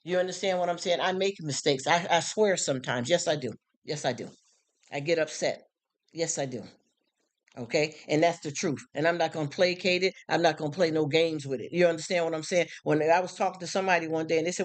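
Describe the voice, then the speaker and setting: A man's voice: a little high, a little fast. A man in a casual live stream, talking frankly about faith and daily life, often asking if listeners follow him. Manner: frank and streetwise, preachy in bursts.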